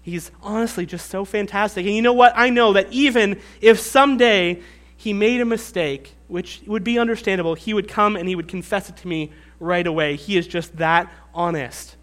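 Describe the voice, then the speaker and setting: A man's voice: high voice, normal speed, fairly bright tone. A man putting on the voice of a proud mother who brags about her son in a sweet, passive-aggressive way. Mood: gushing.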